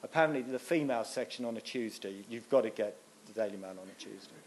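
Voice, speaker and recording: A man's voice: fairly low pitch, fast, slight background noise. A middle-aged man, a guest speaker giving a chatty, self-deprecating talk at church.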